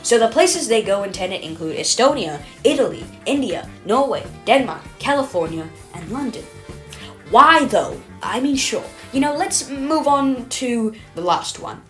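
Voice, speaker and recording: A woman's voice: on the high side, expressive, a little slow, a bit bright. A woman narrating her own film-critique voice-over in a rambling, self-deprecating way. She trips over words now and then and corrects herself as she goes. Faint music plays underneath. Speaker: video essayist. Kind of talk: scripted commentary voice-over.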